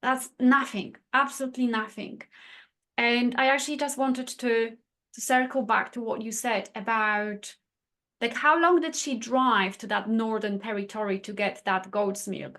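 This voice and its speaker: A woman who speaks as a hosts the interview with eager, emphatic delivery. She repeats key words for weight, and her voice sits a little high. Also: a bit bright. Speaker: nutritionist host. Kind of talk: interview host.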